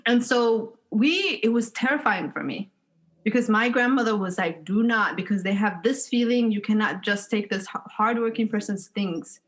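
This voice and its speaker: A woman from Somalia, a podcast guest telling childhood stories in a casual, animated way and laughing often. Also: a little high, moderate pace. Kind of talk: casual storytelling.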